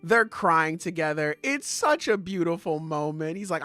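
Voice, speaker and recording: A man's voice: fairly high pitch, lively intonation, moderate pace, sharp tone, no echo, soft background music. A young man hosting a podcast, chatting casually and acting out scenes with swearing and laughter. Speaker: podcast host. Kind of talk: casual chat.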